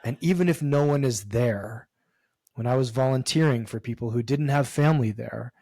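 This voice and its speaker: A man's voice: mid-range voice, normal speed, dark tone, slight background noise. A man as a podcast guest, talking in an earnest, emphatic way with casual swearing. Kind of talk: candid conversational interview.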